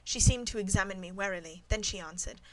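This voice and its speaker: A woman narrates a classic novel in the first person, reading in a measured, even way. Her voice sits at a middle pitch, neither high nor low. The delivery is steady and scripted, like a storybook read aloud. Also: poor audio. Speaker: audiobook narrator.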